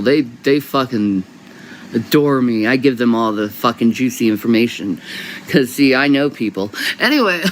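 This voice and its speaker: A woman's voice: sits low, slight background noise, low-quality recording. A woman vlogger talking straight to camera, short of breath, rambling and swearing with many restarts and bursts of laughter. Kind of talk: rambling casual vlog monologue.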